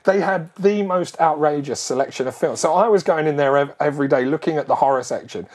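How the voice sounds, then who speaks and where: A middle-aged man telling a long childhood story in a casual, animated way, full of quick asides. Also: on the high side.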